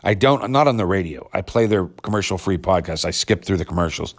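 A man with a lowish voice rants in casual talk. He is profane and mocking, rambling from one complaint to the next with plain exasperation. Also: brisk, hardly any pauses. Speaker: sports fan ranting. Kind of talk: casual rant.

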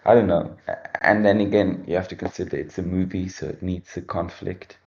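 A very deep-voiced man with a gravelly edge talks through a film in a calm, reasoning way, answering each point with a counterpoint. The sound is somewhat dull and lo-fi. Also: fairly quick. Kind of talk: casual movie review chat.

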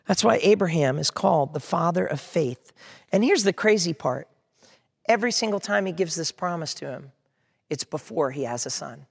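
Gravelly and high, this preacher's voice moves a little fast through a sermon recorded in a hall with long reverb. As he preaches with earnest conviction, he speaks the prayers and objections of his congregation out loud, including those of hecklers.

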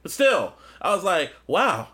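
Brief: male podcast co-host, high and expressive, acts out scenes. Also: unhurried. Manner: animated, acts out scenes in voices, laughs often. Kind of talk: casual chat recapping a TV episode.

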